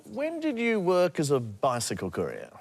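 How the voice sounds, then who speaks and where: A man's voice: on the high side, huge pitch swings, normal speed, gravelly, breathy edge. A man on a TV panel show, joking and asking probing questions.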